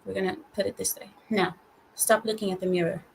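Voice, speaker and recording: A woman hosting a casual livestream from a guest room at home, chatting with deadpan mock-stern jokes and apologetic asides. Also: mid-range voice, fairly quick, gravelly, a little hiss or hum, rough recording. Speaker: livestream host.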